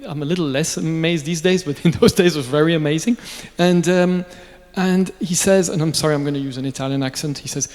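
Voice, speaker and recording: A man with a somewhat high voice tells lively stories, joking and tossing in asides. It is a press conference, and his voice rings out in a large reverberant space. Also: a little fast. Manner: lively, jokey, with asides and laughs. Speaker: watch brand founder speaking at a press conference. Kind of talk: anecdotal storytelling. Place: event venue.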